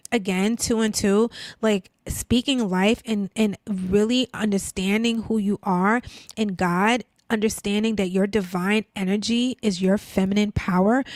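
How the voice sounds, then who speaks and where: A woman's voice: mid-range voice, darkish tone, no echo. A woman in her fifties hosting a podcast in a casual, heartfelt chat, peppering her talk with "like" and "girl". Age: 50s. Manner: chatty, emotional, heavy use of "like" and "girl". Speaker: podcast host.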